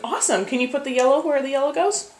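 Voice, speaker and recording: A woman's voice: sits high, quick pace, darkish tone. Frustrated young woman vlogging at home. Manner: frustrated, laughing, chatty. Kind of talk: casual pregnancy vlog.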